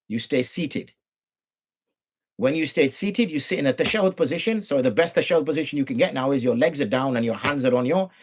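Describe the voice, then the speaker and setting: A man's voice: medium pitch, slightly rough. A middle-aged man with a British English accent, a mufti teaching religious law in an informal talk, full of rhetorical questions and mock dialogue.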